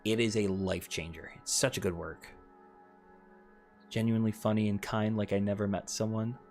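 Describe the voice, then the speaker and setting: A young man hosting a casual live stream, chatting with viewers and answering their comments, often jumping into high excited squeals. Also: moderate pace, soft background music. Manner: animated, jumps into high excited squeals and laughs.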